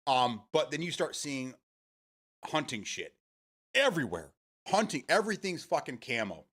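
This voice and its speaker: A man's voice: mid-range voice, big pitch swings, normal speed, fairly bright tone, husky. Rambling, foul-mouthed male streamer. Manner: rambling, swears freely, answers chat. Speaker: live stream host. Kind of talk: casual chat with stream viewers.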